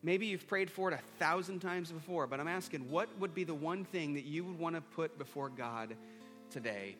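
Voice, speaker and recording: A man's voice: a little high, moderate pace. A man preaching a sermon to a congregation, earnest and repeating a refrain as he leads an altar call and a line-by-line prayer. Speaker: pastor. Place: church hall before a congregation. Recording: long hall reverb with soft guitar.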